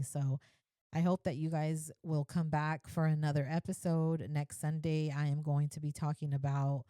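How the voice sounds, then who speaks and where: A woman in her thirties sharing a personal faith story with viewers in an earnest, gentle way. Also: sits low, dry recording. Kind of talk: heartfelt personal talk to camera.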